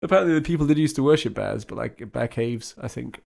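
A man's voice: medium pitch, quick pace, gravelly, darkish tone. A man co-hosting a podcast, joking and telling playful stories in casual chat. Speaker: podcast co-host.

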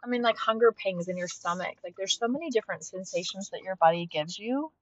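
A woman's voice: medium pitch, quick pace, a bit bright, no echo. A woman hosting a podcast and coaching fitness, talking in a heartfelt, reflective solo monologue with frequent restarts. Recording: dull, slightly lo-fi with faint noise.

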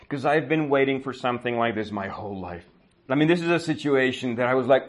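A man telling a story to a class as a teacher, animated and often checking in with "right?". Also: medium pitch, brisk. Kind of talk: storytelling to learners.

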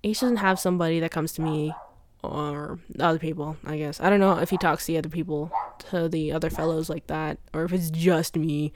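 A woman's voice: deep voice, fairly even intonation, a little fast, darkish tone, a little hiss or hum. A young woman talking through a personal diary podcast, rambling and confessional, full of fillers. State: teary.

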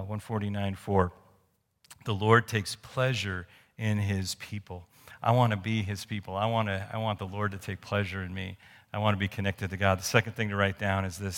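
A man whose voice sits on the low side, with a bit of brightness, preaches as pastor in a church sanctuary. The long reverb of the hall surrounds a sermon that's conversational and anecdotal, interrupted by restarts and asides.

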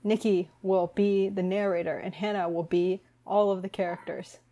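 A woman hosting a book podcast chats casually and summarizes the plot, dropping plenty of "like"s and "um"s. Her mid-range voice is warm and steady at a moderate pace, and the sound is lo-fi.

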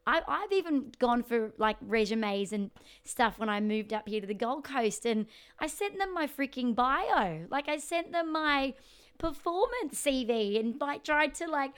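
This is a chatty woman in her thirties, an entertainer turned life coach, talking in a bright, slightly high voice. Her tone is smooth and resonant as she talks animatedly, dropping laughing asides into casual podcast chat. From Australia. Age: 30s.

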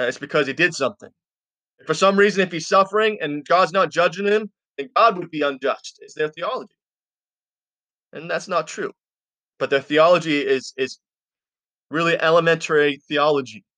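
A man with a voice pitched a little above average leads a podcast Bible teaching. He reads scripture aloud and then unpacks it in loose, everyday language, talking to his listeners in a friendly, informal way. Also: fairly bright tone, dry recording. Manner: reads scripture, then explains it in plain casual talk; informal, addresses listeners as "you guys".

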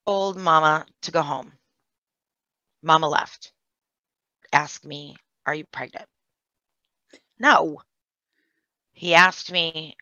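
A woman candidly recounting a painful family story in an emotional way, with vocal fry. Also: low voice, bright, forceful tone, dry recording. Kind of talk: personal storytelling. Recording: dull, dry lo-fi sound.

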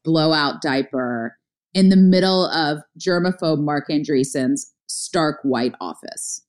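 A middle-aged woman telling a story in casual conversation, talking fast with lots of filler words and acting out what people said. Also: low-pitched. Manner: fast, chatty, lots of "like" fillers, acts out her own past lines. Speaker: guest, startup founder.

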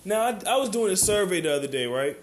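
An American man delivers a heated, rambling rant in a somewhat high voice. His talk is full of profanity and restarts. He keeps checking in with the listener. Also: sing-song, fast. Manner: keeps asking "you know what I'm saying". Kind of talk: ranting monologue.

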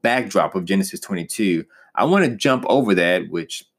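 Young man, very low voice, earnest pastoral teaching, personal, emphatic. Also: expressive, moderate pace. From United States.

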